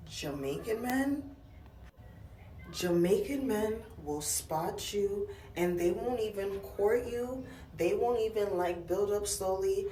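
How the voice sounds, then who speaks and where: A woman's voice: medium pitch, animated, slow pace, dark tone. Chatty woman telling a story, echoey room. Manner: chatty, dramatic, acting out dialogue. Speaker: storyteller to camera. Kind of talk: casual storytelling. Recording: echoey, from some distance.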